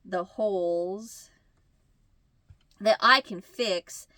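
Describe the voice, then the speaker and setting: Speaking very slowly, with a bright, forceful tone, a crochet channel host with a Midwestern American accent rambles through a casual story. She acts out lines of dialogue in a raised voice, captured in clean studio sound with no echo.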